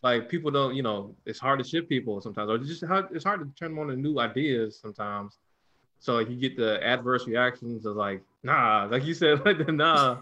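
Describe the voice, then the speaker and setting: A man hosting a podcast, thanking and affirming his guest in relaxed casual speech. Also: medium pitch, a little fast, lo-fi sound. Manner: grateful, affirming, relaxed slang. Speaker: podcast host. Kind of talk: casual chat.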